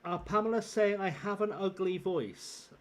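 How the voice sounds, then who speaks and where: A man's voice: sits high, normal speed. Rambling, chuckling young male streamer. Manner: rambling, chuckling and self-deprecating. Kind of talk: casual gaming livestream chat.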